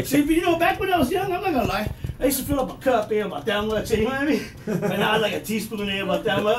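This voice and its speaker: Man, 50s, high-pitched, profane stand-up comic, roomy distant recording. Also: fairly quick. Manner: profane, loud, animated storytelling. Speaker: stand-up comedian. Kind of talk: stand-up comedy set. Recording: echoey room, mic heard from a distance, noisy.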